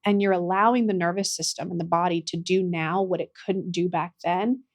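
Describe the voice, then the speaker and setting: A young adult woman, guest on a podcast interview, speaking gently and earnestly about her healing work, at times getting emotional. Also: lowish voice, steady tone, brisk. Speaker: guest, somatic practitioner and author.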